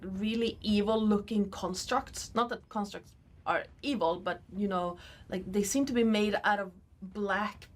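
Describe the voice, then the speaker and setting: Female game master, slow and easygoing, rambling scene descriptions. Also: medium pitch. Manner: unhurried, loose descriptions full of "like". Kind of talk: narrating a tabletop game.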